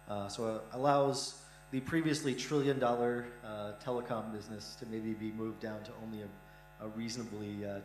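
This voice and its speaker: A middle-aged man speaks bluntly at a conference, his voice on the low side and peppered with fillers. The room is echoey, with a mains hum behind him and faint music. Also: a little mellow. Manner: blunt, frank, many "uh" fillers. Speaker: investor, startup fund founder. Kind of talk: conference interview answers. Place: conference hall.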